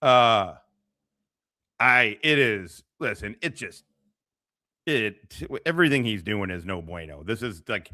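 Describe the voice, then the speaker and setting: A man's voice: fairly low pitch, expressive, slow pace, long pauses, bright, forceful tone. A man hosting a casual livestream, talking in a rambling, profane way with many restarts. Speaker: livestream host.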